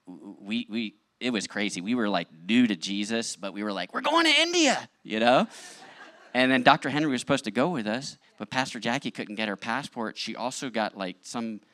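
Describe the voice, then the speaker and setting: Middle-aged man, pastor, lively testimony sermon, lowish voice, dry close sound. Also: a little fast, few pauses, no room sound. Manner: animated storytelling with acted-out quotes.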